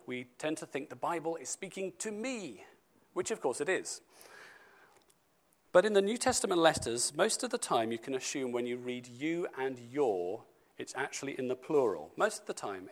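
A man preaching a sermon to his church, stressing key words and slowing down for scripture. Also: medium pitch. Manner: emphatic, slows down for scripture, speeds up for asides.

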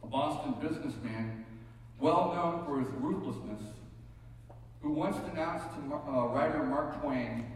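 A man's voice: fairly high pitch, unhurried. Pastor guy telling stories in his sermon, big echo from the hall, faint room hum. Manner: folksy storytelling, joking asides. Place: church sanctuary. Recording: echoey hall from far off.

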